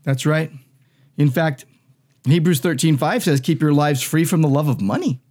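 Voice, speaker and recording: A man's voice: a little high, normal speed, darkish tone. A man, a pastor and podcast co-host, explaining Bible verses in an emphatic, conversational teaching style. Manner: emphatic, explanatory, reads scripture aloud.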